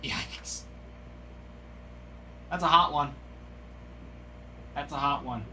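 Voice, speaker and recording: A man hosting a live trading card break, giving excited, gushing commentary as he reveals each card. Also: on the high side, extremely slow, a little hiss or hum.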